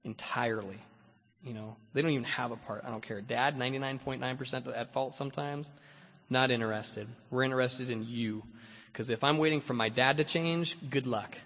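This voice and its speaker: Animated man telling his story. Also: mid-range voice, brisk. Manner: animated, acts out voices of others, grows loud when excited. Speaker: guest speaker at a recovery meeting. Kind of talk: storytelling recovery talk. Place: meeting hall. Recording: echoey hall, dull lo-fi recording.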